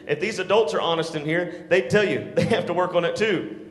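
Male pastor, bright high voice, sermon in a reverberant hall. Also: fairly quick. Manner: emphatic, swings from shouting to low and hushed. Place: large church. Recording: echoey church hall with long reverb.

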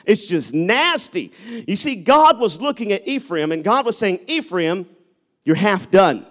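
A man preaching a sermon, telling stories and rising into loud exhortation. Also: sits high, measured pace. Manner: animated, shifts between storytelling and loud exhortation. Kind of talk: sermon with live object lesson.

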